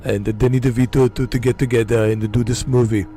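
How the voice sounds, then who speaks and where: A man's voice: mid-range voice, steady tone, quick pace, warm tone, close to an everyday voice. A man doing an impression of a boastful, aging male action-star bodybuilder, in a rambling, self-mocking way. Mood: playful boasting.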